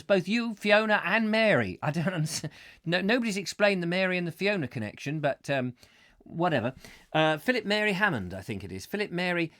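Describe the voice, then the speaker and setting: A man's voice: fairly high pitch, a bit bright. A middle-aged man hosting a comic live chat show, rambling playfully and breaking into silly voices and sung sound effects.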